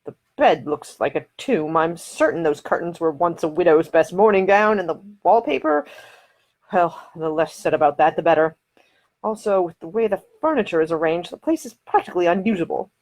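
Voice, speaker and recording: A woman's voice: fairly low pitch, expressive, normal speed, darkish tone. A woman voicing a wry young nobleman who talks with dry humor and fussy opinions. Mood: disgusted. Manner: wry, fussy about decor.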